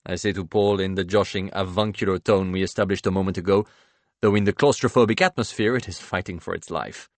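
A man narrating a literary first-person story in a wry, expressive, measured manner. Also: low voice, no room sound. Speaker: audiobook narrator.

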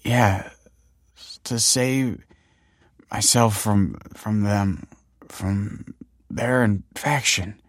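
A man voicing a badly wounded, paranoid father who speaks slowly, faintly and with stammers in a dark audio story. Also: fairly low pitch, no echo, studio quality, pitched above the performer's own voice. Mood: weak, delirious.

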